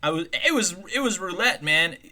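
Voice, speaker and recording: A man's voice: high voice, normal speed. A man co-hosting a podcast, trading crude, profane jokes and laughing at himself. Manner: profane, animated, self-mocking. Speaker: podcast co-host. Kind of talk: crude comedic banter.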